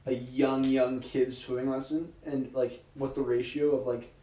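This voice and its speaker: A man's voice: mid-range voice, little pitch movement, measured pace, warm tone, far from the mic. A man co-hosting a podcast who talks in casual, jokey chat and fills his sentences with "like". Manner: chatty, jokey, says "like" a lot. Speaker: podcast co-host. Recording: echoey room, set back from the mic.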